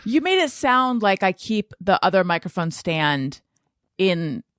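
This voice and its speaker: A woman's voice: medium pitch, sing-song, measured pace, fairly bright tone, smooth, no room sound. A woman co-hosting a podcast in a studio, chatting casually and teasingly, sometimes half-singing lines of a song. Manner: playful, teasing, sings snatches of song. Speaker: podcast co-host. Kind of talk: casual chat.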